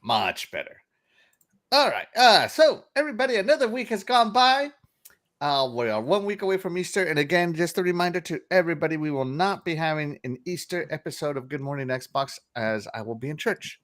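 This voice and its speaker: A man's voice: a little high, sing-song, fairly quick, fairly bright tone. A man hosting a casual livestream podcast, chatty and upbeat, laughing often as he greets viewers. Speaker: podcast host.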